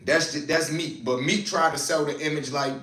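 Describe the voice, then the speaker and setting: A man's voice: fairly high pitch, fairly even intonation, normal speed, sharp tone. A man with a Baltimore accent hosting a casual, profane commentary stream in laid-back slang. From West Baltimore. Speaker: channel host. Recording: roomy echo, distant mic.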